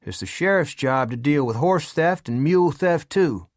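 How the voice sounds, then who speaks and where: Out of a dry, close audiobook read comes a calm, drawling older frontier uncle, as a male narrator puts him on, a touch higher than the reader's own voice. He talks in a plain rural way and never seems rattled. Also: moderate pace, no echo, close to an everyday voice.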